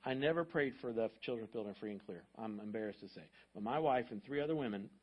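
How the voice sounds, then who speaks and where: A man's voice: medium pitch, expressive, quick pace, breathy edge. Storytelling pastor, man, dull-sounding recording. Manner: conversational storyteller, swings from hushed to loud. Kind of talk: storytelling sermon. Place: church sanctuary.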